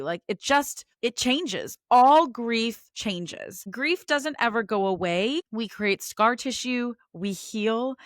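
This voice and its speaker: A woman's voice: medium pitch, dry recording, studio quality. A middle-aged woman speaking candidly and emotionally as a guest author in a podcast interview.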